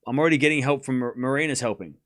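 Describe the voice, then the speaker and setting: Australian man, stream host, casual, playful, mid-pitched, answers the chat. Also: very fast, a bit bright. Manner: playful, repeats words, responds to chat. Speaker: livestream host. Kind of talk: casual live commentary to chat.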